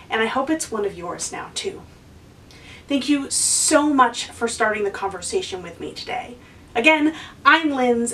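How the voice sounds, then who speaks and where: A woman's voice: on the high side, a bit bright, recorded from a distance, slight background noise, low-quality recording. A woman hosting a lesson for kids, encouraging and asking the viewer questions. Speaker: children's educator and host.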